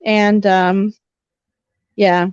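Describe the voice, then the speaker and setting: Brief: young female stream host, smooth voice, rambling chat, dry lo-fi sound. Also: medium pitch, level tone, drawn-out words, a little mellow, no room sound. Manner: chatty, rambling with many fillers. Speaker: livestream host. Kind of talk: casual livestream chat. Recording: slightly dull lo-fi audio.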